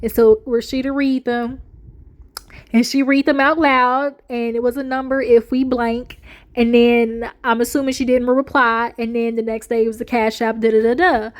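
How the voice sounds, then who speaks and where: High-voiced woman, chatty reality TV recap, plays out the quotes. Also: normal speed. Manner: animated storyteller, slips into the voices of the people she quotes, laughs often. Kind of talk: casual chat, retelling with acted quotes.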